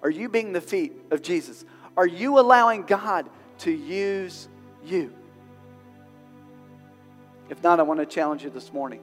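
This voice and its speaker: A man preaching a sermon as pastor, emotional and building to loud, rising exhortation, with a Southern US accent. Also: high voice, unhurried, pauses often, faint music behind. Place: large venue with long reverb. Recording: reverberant hall recording.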